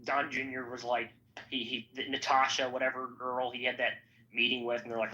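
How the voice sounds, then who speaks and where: A man's voice: mid-range voice, little pitch movement, normal speed, pushed and bright. A man talking politics in a rambling, profane, casual podcast chat. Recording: slightly dull audio with faint background noise.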